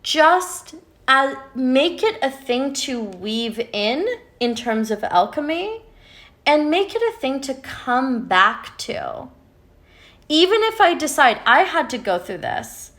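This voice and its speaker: A woman's voice: high voice, sing-song, slow pace, a bit bright. A woman coach talking casually to her viewers, candid, swearing freely and often ending points with "right?". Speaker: love and spiritual coach. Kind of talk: casual livestream talk to viewers.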